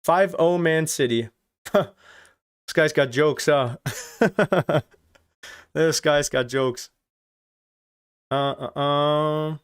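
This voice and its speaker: Streamer guy from germany chatting with his viewers, kinda high smooth voice, cracking jokes at the chat. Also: drawn-out words, pauses often. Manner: jokey, reads out and teases chat. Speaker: live stream host. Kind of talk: casual watch-along stream chat.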